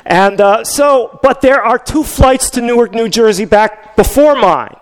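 A man's voice: very high-pitched, measured pace. An older male pastor telling a story in a conversational sermon, with frequent restarts.

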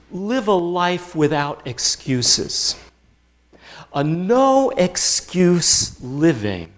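Animated preacher man, fairly high voice. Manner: animated storytelling, rising with emphasis. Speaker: pastor. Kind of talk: sermon.

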